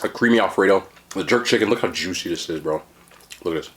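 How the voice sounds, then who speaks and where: A man's voice: deep voice, fast talker, a bit bright. A man in his thirties hosting a mukbang, chatting casually to viewers while he eats. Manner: chatty, upbeat, addresses viewers directly. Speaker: mukbang host. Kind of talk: casual chat to camera while eating.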